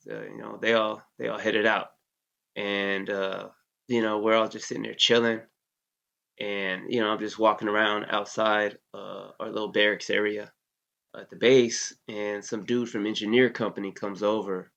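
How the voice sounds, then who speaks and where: Man, thirties, army veteran, casual storytelling, gravelly, low voice, muffled lo-fi recording. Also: a bit bright. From United States. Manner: laid-back, heavy with fillers like "you know", curses freely. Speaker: interview guest, Army veteran. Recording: dull lo-fi sound.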